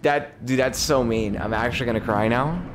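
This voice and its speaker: A young man streaming gameplay, commenting live with lots of swearing and sudden high-pitched outbursts of frustration. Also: moderate pace, noisy background. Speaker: game streamer.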